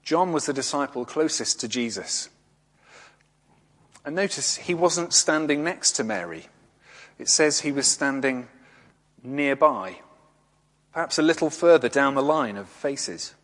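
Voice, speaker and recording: Male preacher, gentle reflective sermon, mid-pitched voice, long church reverb. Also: animated. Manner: gentle, reflective, pausing often.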